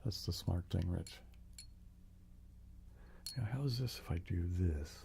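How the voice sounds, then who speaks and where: A man hosting a live ASMR stream, whispering and speaking softly in a rambling, chatty way to his viewers. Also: sits low, lively intonation, a little slow, vocal fry, a little hiss or hum. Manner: whispering and soft speaking while tapping a glass jar.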